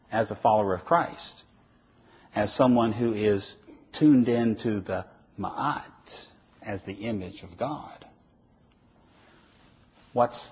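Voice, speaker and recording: Middle-aged male preacher, husky voice, lively emphatic sermon delivery, dull lo-fi recording. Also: medium pitch. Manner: animated, emphatic, asks and answers his own questions. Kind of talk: sermon lecture.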